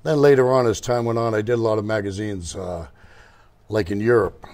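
A man's voice: lowish voice, fairly even intonation, fairly quick, darkish tone. An older man who owns a motorcycle shop, telling rambling, digressive stories as a guest in an interview. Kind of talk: casual storytelling interview.

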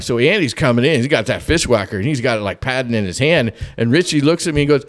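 This is a man with a mid-pitched voice telling a story on a podcast. He delivers it in an animated, humorous way and laughs often as he goes. His delivery swings between eager and hushed. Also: fast, hardly any pauses. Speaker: podcast host.

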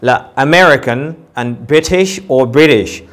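With traffic audible from the street, a Sudanese-accented man teaches English pronunciation casually to camera. His voice is medium-pitched and a little bright at a normal speed, and he frequently restarts and repeats words.

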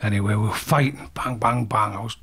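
A man with a husky, breathy voice spins a yarn as an interview guest. He talks bluntly, swears freely and acts out the punches as he tells it. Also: lowish voice, quick pace, fairly bright tone. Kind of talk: casual storytelling.

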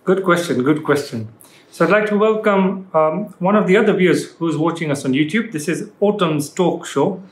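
A man's voice: high-pitched, animated, normal speed. A man hosting a talk show, conversationally reading out viewers' questions. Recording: echoey room.

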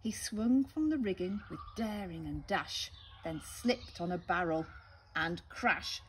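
English teacher, storytime read-aloud, slow and lively, birdsong faintly behind. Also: female voice, on the low side, a little hiss or hum. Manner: gentle, asks children questions. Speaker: primary school teacher.

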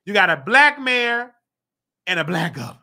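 Animated man hosting a commentary show. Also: high-pitched, normal speed. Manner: animated, rising to emphatic outbursts. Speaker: show host.

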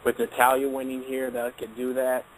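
Flat-voiced man, blunt and repetitive. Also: mid-range voice, normal speed, a little hiss or hum, poor audio. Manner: repetitive, blunt, full of ums. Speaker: panelist. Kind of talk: casual chat.

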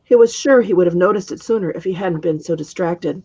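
A woman author reading her own fantasy story aloud in a steady narrating voice. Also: fairly low pitch, a little fast, slightly rough, muffled recording.

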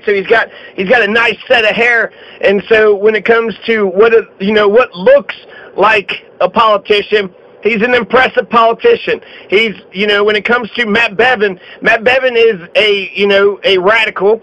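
Man, political commentary, blunt, repetitive, sharp bright tone, muffled lo-fi sound. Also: sits high. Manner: repetitive, blunt, fills with "you know". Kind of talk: opinionated political monologue.

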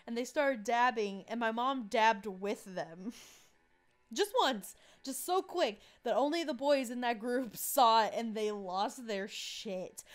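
A young woman with a fairly high voice chats through a video game in a giggly, easygoing way. Light music plays behind her. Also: animated, measured pace. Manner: giggly and chatty. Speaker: gaming channel host. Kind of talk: casual let's play commentary.

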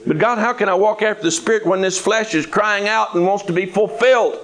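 A man's voice: sits high, fairly quick, fairly bright tone, voice pushed up. A man voicing a whiny believer who keeps pleading with God and complaining. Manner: plaintive, complaining.

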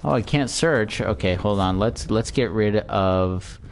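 A man's voice: fairly low pitch, unhurried, creaky, a little hiss or hum. A young man giving joking let's play commentary, talking casually to his viewers. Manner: chatty, joking asides to viewers. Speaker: gaming YouTuber.

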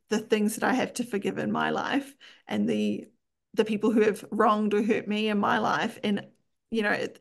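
A woman's voice: medium pitch, gravelly. A woman hosting a faith podcast, asking questions and reflecting affirmingly on her guest's story. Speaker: podcast host.

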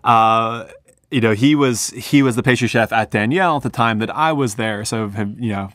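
A man's voice: medium pitch, normal speed, fairly bright tone, no echo, studio quality. A man from Pensacola, a chef being interviewed, talking in a friendly way with frequent restarts. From Pensacola, Florida. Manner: friendly, hesitant with many restarts. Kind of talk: conversational interview.

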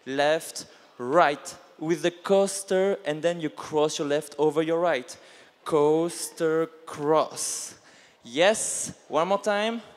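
A man with a high voice leads a line dance class at an unhurried pace. He checks in with the dancers after each step, and a long reverb from the large hall trails his words. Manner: slow, checks in often with the class. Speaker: line dance choreographer teaching. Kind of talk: live dance instruction.

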